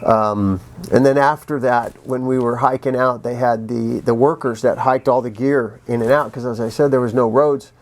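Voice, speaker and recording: Middle-aged male actor, casual anecdote teller, restarts a lot, bursts into sound effects. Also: mid-range voice. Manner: animated, acts out sounds with vocal effects; frequent restarts and pauses, laughs while telling. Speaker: actor telling behind-the-scenes stories.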